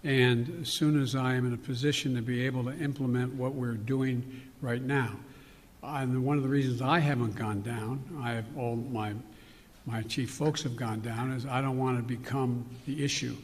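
Older man at a press podium, halting and folksy, long hall reverb on the clip. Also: medium pitch, steady tone, slightly rough. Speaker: politician at press conference. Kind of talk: press conference answers.

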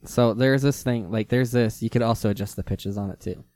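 A man's voice: on the low side, fairly even intonation, fairly quick, a little mellow, dry recording. A man co-hosting a podcast in casual chat, answering in brief, matter-of-fact replies. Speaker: podcast co-host.

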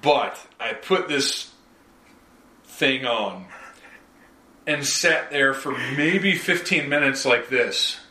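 A man co-hosting a casual podcast chat, telling it dry with halting restarts. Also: medium pitch, animated, pushed and bright. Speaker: podcast co-host. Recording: roomy.

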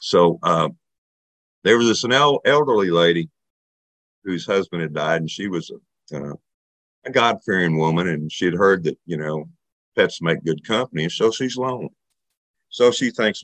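Man, very deep voice, dry close sound, conversational share at a recovery meeting. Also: animated, normal speed, pauses often, fairly bright tone, dry recording. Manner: conversational, joking, earnest. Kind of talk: personal share with a joke.

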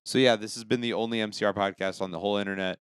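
Deep-voiced laid-back male podcaster. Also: fairly even intonation, racing, clear, resonant tone, dry recording, studio quality. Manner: rambling, laid-back, swears casually. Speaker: podcast co-host. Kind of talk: casual late-night podcast chat. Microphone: podcast microphone.

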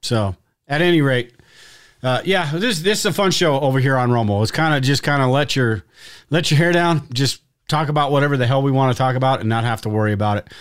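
A man's voice: mid-range voice, brisk, clean tone. A man co-hosting a live-streamed talk show, chatting casually and bluntly, with frequent restarts and some swearing. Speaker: podcast co-host.

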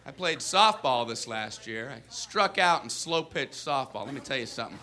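A man doing a stand-up comedy routine, animated and often slipping into childish voices. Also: normal speed, background noise. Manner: animated, slips into high-pitched childish voices. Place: comedy venue before a live audience. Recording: live stage recording with loud crowd laughter.

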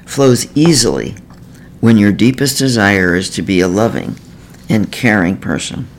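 A man, a therapist, reading a self-help book in a measured, earnest and gentle way. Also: lowish voice, animated, a little hiss or hum, poor audio. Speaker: therapist author. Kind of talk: scripted self-help narration.

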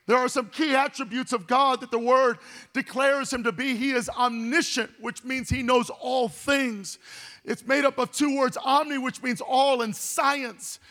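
High-pitched guy pastor preaching hard, shouty and singsongy at times. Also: fairly even intonation, measured pace. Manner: impassioned preaching, swells into shouts and sing-song cadences. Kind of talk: sermon.

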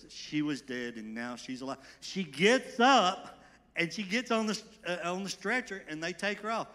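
Bright-voiced man telling a church testimony. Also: fairly high pitch, fairly quick. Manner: emphatic storytelling, swings from hushed to excited. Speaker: church member giving testimony. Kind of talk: sermon testimony. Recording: long hall reverb.

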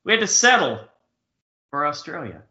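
A man hosting a casual podcast chat in a jokey, animated way. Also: on the high side, normal speed. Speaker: podcast host. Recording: roomy, lo-fi call audio.

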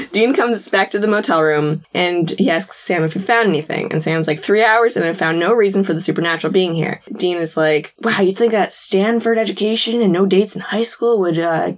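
A woman's voice: on the low side, normal speed. A woman co-hosting a podcast, casually retelling a TV episode scene by scene and quoting characters between bursts of laughter. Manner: retells scenes with quoted lines and frequent laughter. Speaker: podcast co-host. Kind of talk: casual chat recapping a TV episode.

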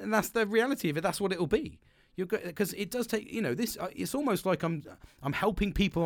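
A young male podcast host delivers a casual motivational monologue, rambling, swearing freely and laughing often. His voice is high-pitched and creaky, recorded in clean studio quality with no room sound.

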